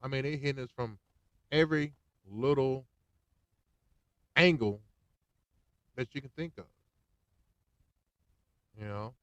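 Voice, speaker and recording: Animated slangy man ranting on a podcast. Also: medium pitch, slow, pauses often, smooth, no echo. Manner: animated, slangy, swings between loud and hushed. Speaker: podcast host. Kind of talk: casual political rant.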